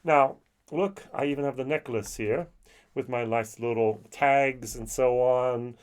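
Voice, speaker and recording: A chatty man talks through a whiskey review in a mid-range voice. His delivery is animated, and he slips into quick little voices when he acts out people he has met. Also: medium pitch, clear, resonant tone. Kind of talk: casual video review.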